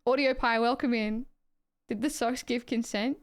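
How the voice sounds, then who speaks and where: A woman's voice: a little high, fairly even intonation, moderate pace. An Australian woman streaming live, chatting casually and rambling as she reacts to her chat and swears freely.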